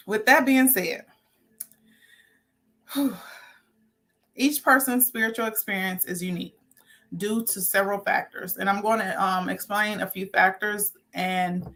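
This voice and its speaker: A woman hosting a spiritual talk show, speaking loosely, often correcting herself and laughing lightly at her slips. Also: medium pitch. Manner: warm, rambling, self-correcting with little laughs. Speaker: host.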